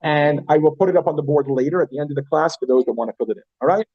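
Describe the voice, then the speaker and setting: A man teaching a Yiddish class, chatty and animated, often restarting his sentences as he talks to the room. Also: on the high side, rapid-fire, no room sound, lo-fi sound. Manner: animated, chatty, self-interrupting. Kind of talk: classroom lesson.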